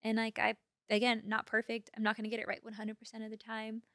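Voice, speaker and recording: Bright-voiced animated young woman podcaster. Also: a little high, fast talker, no echo, clean studio sound. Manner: animated, giggly, many "like" fillers. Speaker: podcast co-host. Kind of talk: casual podcast chat.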